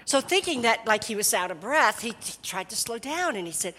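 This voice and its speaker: A woman preacher telling a story in a sermon, expressive and often dropping to soft, hushed phrasing. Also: a little high, fairly quick, few pauses, big-room sound, a little hiss or hum.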